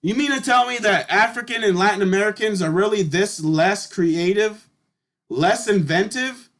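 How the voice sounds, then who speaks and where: A man's voice: high voice, normal speed, a bit bright. A man talking casually through historical charts, blunt and emphatic, swearing and addressing his viewers directly. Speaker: channel host.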